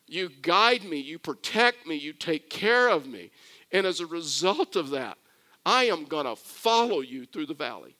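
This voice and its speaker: An older man preaching a sermon, mixing scripture with a lively family story and conversational asides. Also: on the high side, unhurried. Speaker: pastor.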